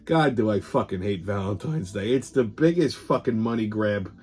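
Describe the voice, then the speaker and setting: A man's voice: on the low side, animated, normal speed, a little mellow, slightly rough. A man hosting a comedic weekly wrap-up show and ranting in a profane, blustering way. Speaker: host. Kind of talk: comedic rant.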